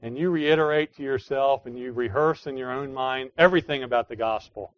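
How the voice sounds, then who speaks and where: A pastor delivers an earnest sermon, his voice at an ordinary middle pitch. He drops to soft, pleading tones and then rises to emphatic declarations. The recording sounds slightly dull and lo-fi, with a dry, close sound and no room echo. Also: normal speed.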